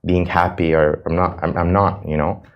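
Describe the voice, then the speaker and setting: Earnest deep-voiced man. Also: flat delivery, normal speed, highs cut off. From United States. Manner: earnest, repeats words when moved. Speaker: reality show cast member and cafe owner. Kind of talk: emotional interview answers.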